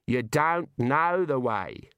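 Storybook kangaroo, male, blunt and dry, read by a man; lively delivery, dry close sound. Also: mid-range voice, slow pace, clean tone, no room sound.

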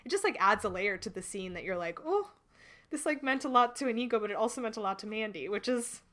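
Animated young woman co-host. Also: on the high side, fast. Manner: animated, laughs often, retells scenes. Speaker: podcast co-host. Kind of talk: casual chat about a film.

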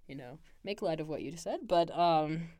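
A woman's voice: low-pitched, lively intonation, normal speed, a crowd in the background. A young woman co-hosting a casual book podcast, laughing often and playfully acting out characters' lines. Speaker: podcast co-host. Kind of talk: casual book-club chat.

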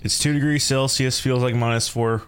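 A young man from Canada hosting a casual podcast with friends, loud and profane, quick to laugh. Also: medium pitch, fairly even intonation. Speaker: podcast host.

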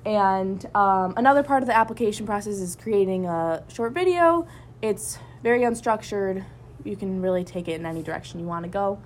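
A young woman, a college student and student club member, telling a story in a casual podcast chat, animated and full of fillers. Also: medium pitch, fairly quick, a little hiss or hum. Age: young adult.

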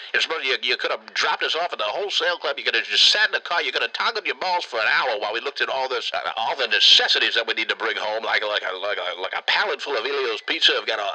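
A man's voice: medium pitch, sharp tone, heavily acted, poor audio. A man voicing a profane, rambling uncle who rants about food and baseball. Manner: rambling cursing rant. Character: profane grown man obsessed with pizza.

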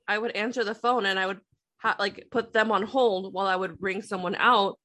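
A woman's voice: mid-range voice, steady tone, a little fast, fairly bright tone. A woman earnestly explaining how she used to handle phone calls at work, in a casual conversation. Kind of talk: casual chat.

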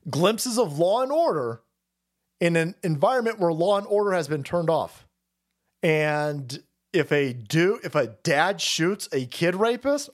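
A man hosting a livestream, ranting and swearing, laughing often and swinging between shouting and muttering. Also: sits high. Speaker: livestream host. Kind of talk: profane political rant.

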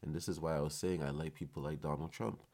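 Deep-voiced man giving a casual motivational talk. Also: fairly even intonation, fast talker, darkish tone. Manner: casual, emphatic, swears freely. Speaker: podcast host. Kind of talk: motivational monologue.

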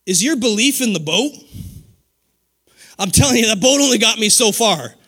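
A man in his forties delivers an animated sermon with call-and-response. His voice sits high and swoops widely in pitch. The tone is bright and forceful. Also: normal speed, husky. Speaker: pastor.

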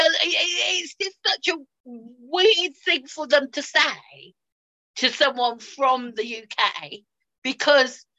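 A woman from Bristol with an English accent, chatting lively as the interviewer. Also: high-pitched, low-quality recording. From Bristol, England. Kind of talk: casual chat.

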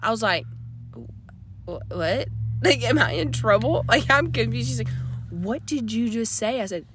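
A woman's voice: fairly high pitch, moderate pace, a little hiss or hum. A woman with a Boston accent, chatting casually as a podcast co-host inside a car and telling stories in a rambling way with lots of "like". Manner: animated storyteller, restarts, lots of "like". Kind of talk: casual chat.

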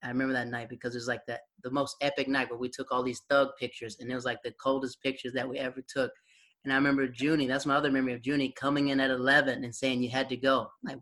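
Young guy reminiscing in a casual chat, bright tense voice, says like a lot. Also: medium pitch, level tone, fast. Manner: rambling storyteller, lots of "like", laughs often. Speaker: partner sharing memories.

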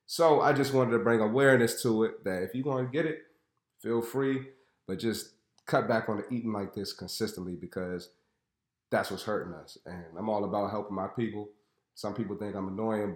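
A man's voice: lowish voice, echoey room. A young man with a stuffy voice from a cold, hosting a fitness podcast in a blunt, joking way that turns preachy about health. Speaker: podcast host. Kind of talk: casual podcast talk.

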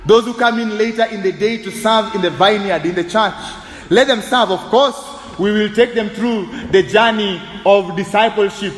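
A high-voiced man preaches with an animated, humorous delivery, slipping between English and Swahili. His voice rings through a roomy church sanctuary with a long reverb tail and faint ambience behind. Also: normal speed, slight background noise. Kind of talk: sermon.

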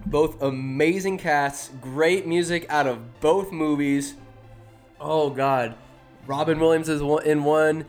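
Excitable man ranking movies, a bit tipsy. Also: fairly high pitch. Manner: animated, swinging from musing to shouting; swears freely, talks to himself. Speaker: vlogger ranking films. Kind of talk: casual excited commentary.

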